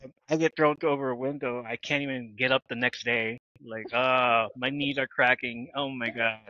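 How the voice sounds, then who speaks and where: A podcast co-host with a steady, mid-range voice recaps a TV episode at a moderate pace, heard in a muffled recording with no echo. He jokes around, uses fillers, and throws in mock-dramatic asides.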